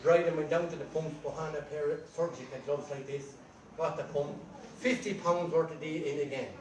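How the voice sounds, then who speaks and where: Irish male storyteller, lively comic patter, distant mic, roomy hall. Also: a little high, fairly quick. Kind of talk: telling jokes to a live audience. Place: large room at a rambling night. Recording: echoey room from far off, crowd. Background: audience laughing.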